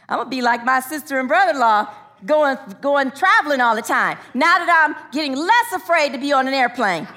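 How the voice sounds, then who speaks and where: A woman's voice: high-pitched, lively intonation, a little fast, bright, forceful tone. A woman preaching a sermon in church, emphatic and calling out to the congregation for responses.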